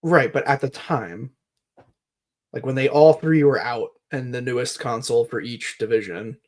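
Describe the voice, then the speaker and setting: A man's voice: mid-range voice, moderate pace. A man in his thirties co-hosting a podcast, explaining in a rambling way with many fillers. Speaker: podcast co-host. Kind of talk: casual chat, market talk.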